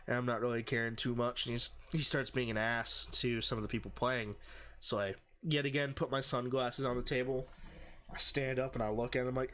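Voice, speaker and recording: A young man hosting a podcast, telling a rowdy story in casual chat, heavy on swearing and loud acted-out quotes. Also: medium pitch, fairly quick. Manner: profane, animated, shouts in quoted voices.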